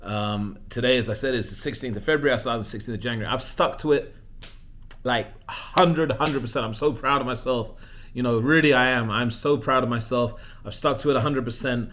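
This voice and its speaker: A man talking casually to his camera, full of animated, self-mocking storytelling. His voice sits at an ordinary middle pitch. He often drifts into quieter, muttered asides. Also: brisk, a little hiss or hum. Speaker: vlogger. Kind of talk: casual vlog monologue.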